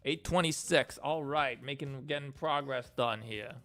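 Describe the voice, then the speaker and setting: A man with a gravelly voice chats casually on a livestream. He rambles while he works and thanks his donors. Soft music plays in the background. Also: mid-range voice, measured pace. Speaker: game developer livestreamer.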